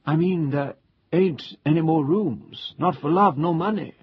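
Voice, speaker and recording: Man playing a deferential hotel waiter, muddled, raised voice, raspy, dull lo-fi recording. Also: fairly high pitch, measured pace, no room sound, pitched above the performer's own voice. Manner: deferential servant speech, calls everyone sir. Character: humble, muddle-headed male hotel waiter.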